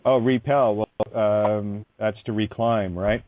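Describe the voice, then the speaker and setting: A man hosting a call-in radio show, musing aloud in a halting way with many fillers and restarts. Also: on the low side, fairly even intonation, no room sound. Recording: dry phone-line sound.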